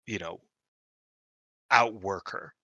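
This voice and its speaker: This podcast co-host speaks slowly in a low-pitched, pushed and bright voice; the recording is muffled with no room sound. His talk is casual, rambling chat packed with fillers and the odd swear word.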